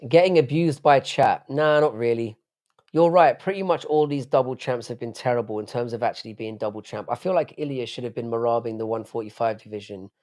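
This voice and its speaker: A man's voice: mid-range voice, brisk, darkish tone. A man from the United Kingdom hosting a late-night live stream, rambling casually, swearing often and answering chat messages aloud.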